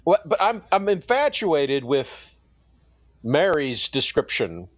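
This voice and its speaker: A man's voice: a little high, big pitch swings, takes it slowly, no echo. A man co-hosting a podcast in playful, ironic banter who laughs easily. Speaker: podcast co-host.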